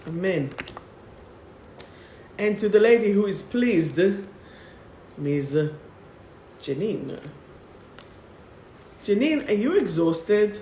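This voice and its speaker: A woman hosts a live spiritual stream, drawing a card for each viewer and calling them by name. She reads every affirmation slowly and deliberately, then says it a second time. Her voice rings in a roomy, echoing space with a faint hum underneath. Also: mid-range voice, very animated, warm tone. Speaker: spiritual host. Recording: roomy echo.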